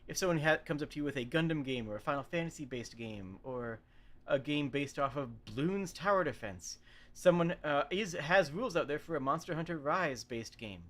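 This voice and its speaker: A man's voice: fairly high pitch, expressive, brisk, fairly bright tone. A man hosting a casual livestream, explaining games in a chatty way, often correcting himself mid-sentence and adding asides. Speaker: streamer host.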